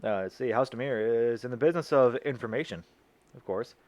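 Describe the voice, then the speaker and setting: A man co-hosting a podcast, reading notes haltingly with slips, swearing and laughing in casual chat. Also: medium pitch, darkish tone, dry recording. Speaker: podcast co-host.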